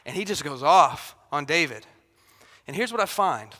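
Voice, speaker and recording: Bright-voiced man preaching casually. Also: on the high side, normal speed. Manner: casual and animated, acts out Bible figures. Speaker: pastor. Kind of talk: sermon. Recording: long hall reverb.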